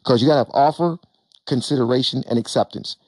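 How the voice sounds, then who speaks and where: A man speaks at a middle pitch with an emphatic, animated delivery, talking to an audience from a panel. He repeats key phrases and acts out little exchanges. The sound is dry, with almost no room in it. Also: fast, no room sound. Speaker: real estate investor speaking on a panel. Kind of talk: motivational stage talk to an audience.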